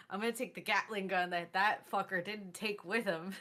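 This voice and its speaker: An excitable woman playing a tabletop role-playing game, swearing and laughing often. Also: mid-range voice, normal speed. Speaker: player. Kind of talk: casual tabletop play.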